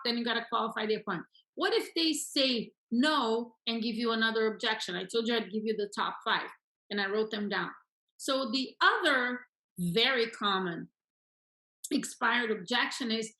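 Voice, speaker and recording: An energetic woman teaches real estate agents how to handle calls, now and then acting out both sides in snappy voices. Her voice sits a little high and rings bright and forceful. The room around her adds a clear echo. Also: moderate pace. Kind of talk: coaching lesson.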